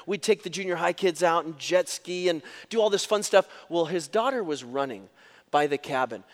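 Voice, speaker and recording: Pastor guy preaching, gets loud and quiet, voice a bit high, big echoey church hall. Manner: animated storytelling with big swings in pitch and loudness. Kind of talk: sermon.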